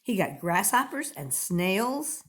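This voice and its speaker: A woman reads a children's picture book aloud, slowly and clearly. Her pitch rises and falls with lively expression, keeping young listeners engaged.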